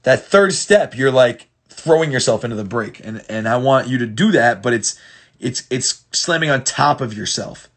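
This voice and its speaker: A man's voice: medium pitch, animated, normal speed, fairly bright tone. A man coaching football players through film, blunt and profane, stumbling and repeating words for emphasis. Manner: blunt and profane, many restarts. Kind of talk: casual film breakdown for clients.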